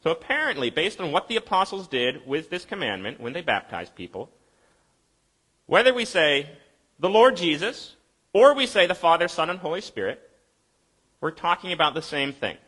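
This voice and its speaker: A man delivering a sermon with a lively, swooping delivery and a bright, forward tone. He explains ideas in a conversational way, asks rhetorical questions, and slows down to read scripture solemnly. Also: fairly high pitch, breathy edge. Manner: reads scripture aloud slowly and solemnly. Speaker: pastor.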